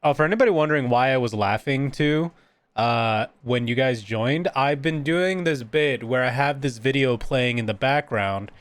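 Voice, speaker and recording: A man's voice: medium pitch, normal speed, clean tone, dry recording. A man chatting casually and rambling with frequent giggles as he streams his drawing. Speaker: art streamer and VTuber. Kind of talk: casual live-stream chat.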